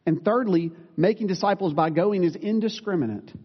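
A man's voice: sits high, a little fast, breathy edge. Man, pastor, sermon, earnest, self-deprecating, lingering hall reverb. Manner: earnest, self-deprecating asides, occasional corrections. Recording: dull sound with long reverb in a large room.

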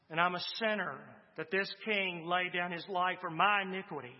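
A man's voice: sits high, normal speed, hardly any pauses. A male pastor preaching a sermon with impassioned, emphatic declarations, then leading a prayer. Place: church sanctuary. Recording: long reverb, dull lo-fi sound.

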